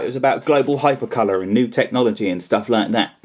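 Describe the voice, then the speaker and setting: A man's voice: mid-range voice, brisk, hardly any pauses, slight background noise. A man, vlogging in a casual, rambling way about customising toys, self-deprecating and enthusiastic as he chats. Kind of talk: casual chatty vlog.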